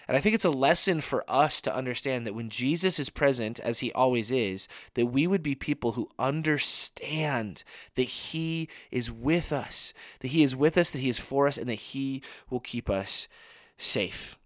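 Male preacher, casual sermon, earnest, informal restarts, mid pitch, dry recording. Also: normal speed, dry recording. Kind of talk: conversational sermon.

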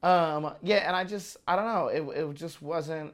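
A man's voice: on the high side, a little slow. A man, a film critic, giving emphatic, opinionated takes in a casual podcast chat, often restarting his sentences.

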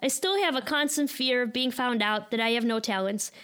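Woman, 30s, Chicago accent, live storyteller, self-deprecating and candid, slightly high voice. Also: a little fast, fairly bright tone, clean tone.

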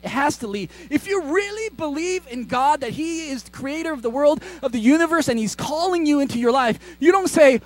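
A man's voice: very high-pitched, lively intonation, moderate pace, rough recording. A man preaching a sermon as pastor, conversational, acting out quoted voices.

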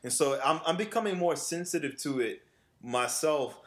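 A man co-hosting a casual talk show, a vocal coach who chats animatedly, laughs often and slips into quick impressions of other people. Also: fairly high pitch. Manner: animated, mimics voices often, laughs a lot. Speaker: podcast co-host and vocal coach. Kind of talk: casual chat.

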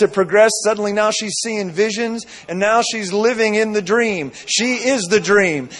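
A man preaching a sermon, telling a dream with many asides and repeated phrases. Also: high voice.

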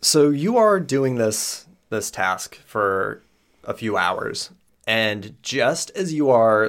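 Man, game master, low voice, gravelly, descriptive narration with fillers. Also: sing-song, slow pace, a bit bright.

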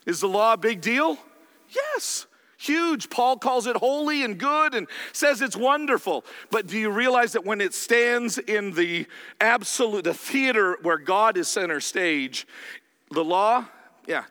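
A man's voice: sits high, lively intonation, a little slow, sharp tone, in a large hall. A man preaching a sermon as pastor, conversational, often checking in with his listeners through rhetorical questions.

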